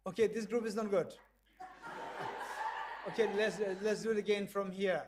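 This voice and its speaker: A visiting professor with a high, steady voice lectures at normal speed in a lecture hall, with a little hiss or hum on the recording. Playful, he leads a group exercise, acting out little dialogues in small voices and laughing often.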